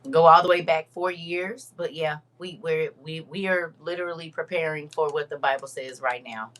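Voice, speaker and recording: A woman hosting a casual livestream, reading viewer comments aloud in a lively, teasing way and laughing often. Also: sits low, moderate pace.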